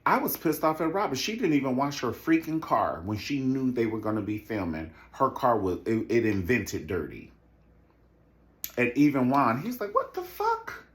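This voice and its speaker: Man, sassy recap rant, very animated pitch, mid-range voice. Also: moderate pace. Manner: animated, sassy, swings into mocking high impressions. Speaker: reality TV commentator.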